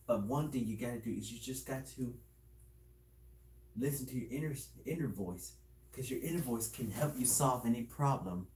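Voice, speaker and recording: A man's voice: mid-range voice, darkish tone, reverberant, a little hiss or hum, poor audio. A man talking to camera in a casual vlog, handing out earnest life advice in a rambling, repetitive way, with many restarts. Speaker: video creator. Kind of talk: casual motivational talk to camera.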